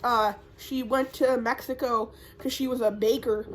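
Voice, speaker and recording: A woman's voice: on the high side, fairly even intonation, unhurried. Rambling, profane young woman vlogger. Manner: rambling, profane, lots of fillers. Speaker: YouTuber. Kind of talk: casual rambling recap.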